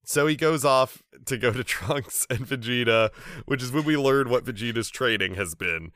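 A man's voice: medium pitch, normal speed, fairly bright tone, no room sound, clean studio sound. A man co-hosting a podcast, chatting casually about an anime episode in a loose, filler-heavy way. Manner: chatty, peppered with filler words. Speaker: podcast co-host. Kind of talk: casual anime recap chat.

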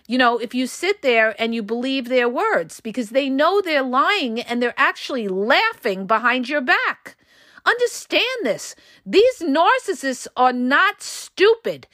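Woman, podcast host, high bright voice, emphatic casual monologue, dry close sound. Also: no room sound. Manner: emphatic, repetitive, addresses listeners directly.

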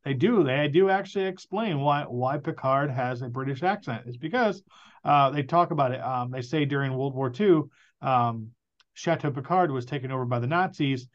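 A man co-hosting a podcast, chatting casually in an animated way and quick to riff and laugh. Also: mid-range voice, dull audio. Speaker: podcast co-host. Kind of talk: casual chat.

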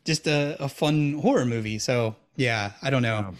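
A man's voice: mid-range voice, moderate pace. A man hosting a film podcast, chatting casually and rambling through his points with restarts. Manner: rambling, self-interrupting, chatty. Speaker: podcast host.

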